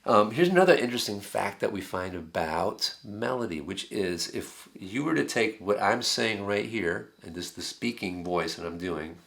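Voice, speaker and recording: This songwriting instructor, a middle-aged man, talks through his workshop in a conversational manner, stopping to demonstrate ideas on the piano. He speaks at a moderate pace with hardly any pauses, in a fairly low, creaky, expressive voice that is a bit bright.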